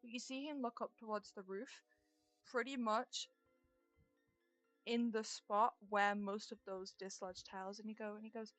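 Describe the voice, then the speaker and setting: A woman's voice: medium pitch, fairly even intonation, moderate pace, fairly bright tone, no room sound, soft background music. A woman narrating a tabletop game as game master in a casual, chatty way.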